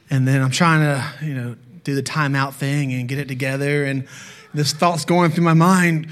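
Candid young preacher sharing family stories. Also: male voice, fairly high pitch, fairly bright tone. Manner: candid, self-deprecating storytelling. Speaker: pastor. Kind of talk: sermon.

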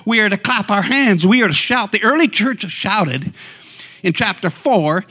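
A man sharing a fervent church testimony, his voice quiet and low at first, then rising to excited outbursts. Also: a little slow, breathy edge.

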